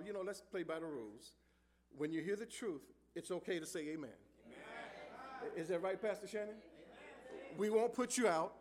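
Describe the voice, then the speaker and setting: High-voiced preacher swinging soft to loud. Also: male voice. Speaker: pastor. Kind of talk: sermon. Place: church sanctuary.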